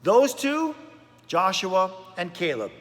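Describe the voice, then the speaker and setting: A man's voice: sits high, very animated, takes it slowly, a bit bright, long reverb tail. A man pastor preaching a sermon in a chatty storytelling way, often repeating words as he goes. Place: church.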